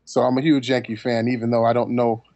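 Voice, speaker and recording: A man's voice: mid-range voice, flat delivery, fast talker, a little mellow, no echo, lo-fi sound. A man from New Jersey, a podcast panelist, rambling in casual chat with lots of "you know" fillers.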